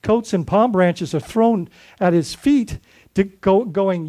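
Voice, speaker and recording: A man's voice: high voice, slow pace, warm tone. A man preaching a sermon as lead pastor, speaking conversationally and putting questions to his congregation.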